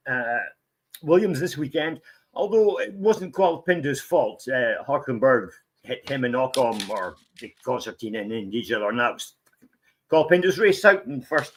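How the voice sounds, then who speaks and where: A man's voice: medium pitch, sing-song, normal speed, fairly bright tone. A man guest-hosting a casual motorsport commentary chat, rambling and jokey with many fillers. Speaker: guest host.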